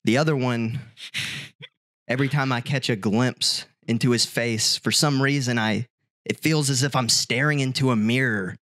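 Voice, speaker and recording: Mopey heartbroken moth guy spilling his sorrows slowly to the doc, a man doing the bit, dry close sound. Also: mid-range voice, fairly even intonation, a bit bright, dry recording, natural voice. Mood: despairing. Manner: slow, mournful confession to a doctor. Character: gloomy heartbroken male moth. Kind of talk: comedic bit told on a podcast.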